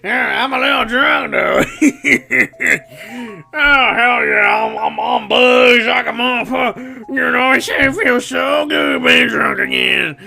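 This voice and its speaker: A man voicing a loud, drunk, shirtless uncle who slurs and swears. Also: very high-pitched, slow, creaky, exaggerated voice. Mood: rowdy. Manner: slurring, rowdy, swearing.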